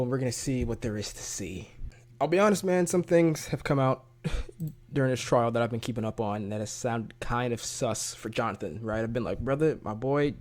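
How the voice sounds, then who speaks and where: A man's voice: medium pitch, darkish tone. A man making a casual reaction video as a YouTube commentator, chatty and loose with slang, often breaking into laughter.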